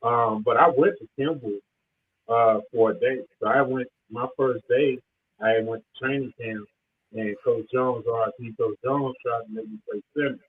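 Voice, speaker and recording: A man's voice: mid-range voice, steady tone, normal speed. A man, a former player, telling rambling stories from the past in an easygoing, casual way. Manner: laid-back, rambling reminiscence. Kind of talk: casual storytelling. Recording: tinny phone line with faint noise.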